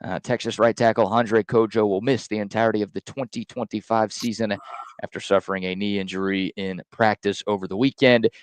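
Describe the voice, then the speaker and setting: A man hosting a sports talk show, telling stories in a joking, quick way and reading live ads. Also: fairly low pitch, steady tone, clear, resonant tone, no room sound.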